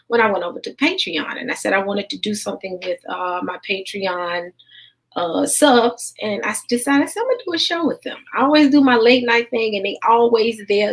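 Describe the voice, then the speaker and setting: Southern US woman, stream host, chatty and folksy, slightly high voice. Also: rough recording. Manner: lively, folksy, quick to laugh. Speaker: livestream host. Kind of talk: casual late-night livestream chat.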